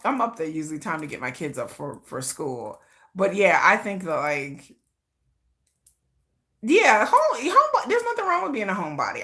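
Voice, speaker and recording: A woman hosting a casual livestream, chatty and high-energy, who laughs often and acts out playful scenes. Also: bright, forceful tone. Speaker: livestream host.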